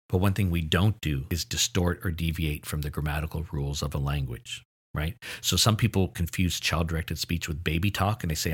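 Low husky male lecturer. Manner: explanatory, with emphatic rises on key points. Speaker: lecturer on child language development. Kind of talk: recorded lecture.

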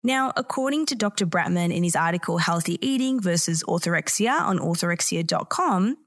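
A woman's voice: on the low side, lively intonation, a little fast. Woman hosting an educational podcast. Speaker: podcast host. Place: Bali.

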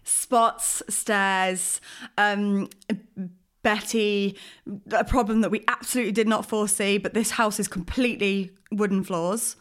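A woman's voice: medium pitch, steady tone, unhurried, fairly bright tone, smooth. A woman co-hosting a casual chat podcast, telling a story in a chatty way with frequent laughs. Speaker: podcast co-host.

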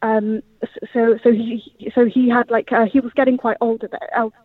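A man's voice: extremely high pitch, flat delivery, moderate pace, dry recording. Man, rambling storyteller, dry tinny phone-line sound. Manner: rambling, many fillers and restarts. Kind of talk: casual storytelling.

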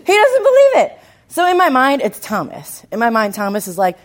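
A woman preaching a sermon, telling the story in an animated way, with emphatic lines that swing from loud to hushed. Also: high-pitched, normal speed.

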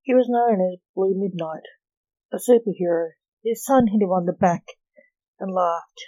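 A woman, the author, reading her own story aloud as steady, measured audiobook narration. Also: mid-range voice, no room sound, lo-fi sound.

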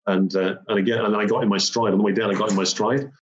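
A man tells a gripping personal story at a rapid clip. His voice sits a little low, and he repeats phrases and acts out key moments. The recording sounds roomy and slightly muffled. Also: level tone.

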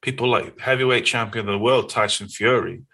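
A man with a Northern English accent, a guest in an interview, telling stories in an earnest, animated way. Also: mid-range voice, brisk, vocal fry. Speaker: podcast guest. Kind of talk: conversational interview.

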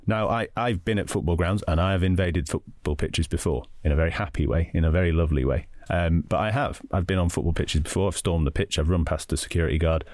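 A man in his thirties, a football journalist chatting on a podcast in a quick, self-interrupting way. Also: deep voice, darkish tone, no echo, studio quality. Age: 30s. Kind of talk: casual podcast debate.

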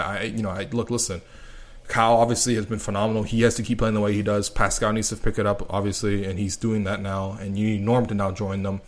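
A young man from Canada hosting a solo sports podcast, talking in a sarcastic, rambling and excitable way. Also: on the low side. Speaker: podcast host.

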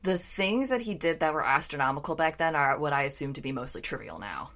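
Blunt, sarcastic woman with a low voice. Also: very animated, fast talker, a bit bright. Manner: blunt, sarcastic, acts out quoted lines. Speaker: podcast host. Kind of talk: casual chat.

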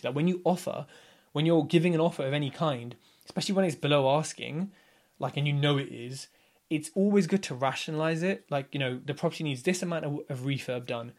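Animated man, storytelling podcast guest. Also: fairly high pitch. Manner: animated storyteller, acts out others' lines. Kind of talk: casual podcast chat.

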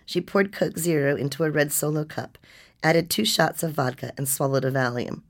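A woman reading a nonfiction story as narrator, with a measured, restrained delivery. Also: sits low.

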